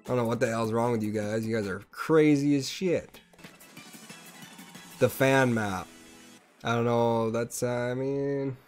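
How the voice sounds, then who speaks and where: A young man hosting his gaming channel, cursing his way through gameplay commentary that swings from mumbled asides to yelling outbursts. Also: mid-range voice, measured pace, faint music behind.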